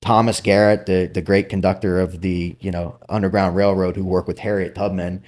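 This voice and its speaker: Middle-aged male guest, low voice, animated storyteller, casual podcast chat. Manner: animated, quick asides, acts out quotes. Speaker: podcast guest, former Navy SEAL.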